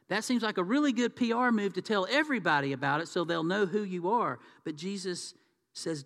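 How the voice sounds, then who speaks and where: A man's voice: high-pitched, lively intonation, brisk, fairly bright tone. A man preaching a sermon in a conversational, folksy way. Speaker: pastor. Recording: reverberant hall.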